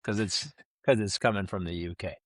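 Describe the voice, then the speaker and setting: A man co-hosting a casual podcast chat, rambling and animated, with lots of restarts. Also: low voice, brisk, dry recording, studio quality. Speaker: co-host.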